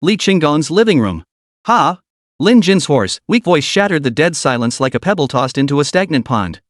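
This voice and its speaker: A man narrating a story in a steady, dramatic storytelling manner. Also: on the high side, brisk, dry recording, clean studio sound.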